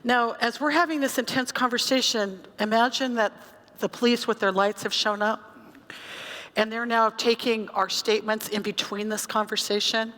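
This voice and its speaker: A woman pastor preaching a sermon, telling a story in a conversational, animated way. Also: a little high, normal speed. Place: church sanctuary. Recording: church hall reverb.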